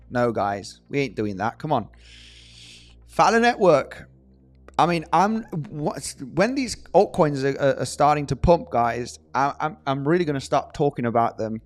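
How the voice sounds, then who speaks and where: A young man chats through a live trading stream, joking with viewers and often restarting his sentences. His pitch sits in an ordinary middle range. Faint background music plays under his voice. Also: normal speed. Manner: animated, jokey, many restarts. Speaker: livestream host. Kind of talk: casual live-stream chat, reading viewer comments.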